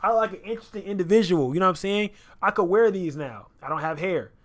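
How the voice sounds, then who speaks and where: A man's voice: high-pitched, expressive, fast. Slangy young man rambling on a live stream. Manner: loose, rambling, repeats phrases, slangy. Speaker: photographer live-streaming an edit. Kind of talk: casual live-stream chat.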